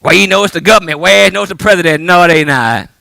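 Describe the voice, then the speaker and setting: A middle-aged man a sermon as pastor, calling for responses and swinging between loud shouts and hushed lines. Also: high-pitched, fast talker, creaky, dry recording.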